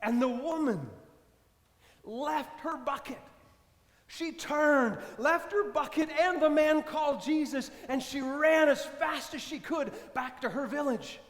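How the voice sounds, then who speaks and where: Male priest, high tenor, unhurried storytelling sermon, roomy church sound. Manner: slow, measured storytelling with soft dramatic drops. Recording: echoey church with long reverb.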